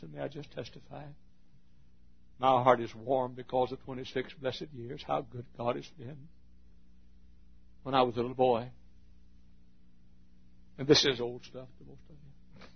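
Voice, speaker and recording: A middle-aged male pastor preaching an intense sermon, swinging from shouts to hushed, near-quiet passages. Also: medium pitch, flat delivery, normal speed, creaky, long pauses, slightly rough, dull audio.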